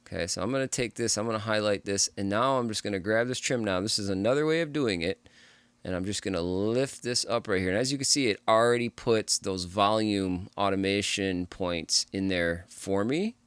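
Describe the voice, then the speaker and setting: A man hosting a music production tutorial, explaining step by step in a relaxed, casual way as he works. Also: lowish voice, normal speed, smooth, no echo. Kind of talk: casual screen-recorded tutorial.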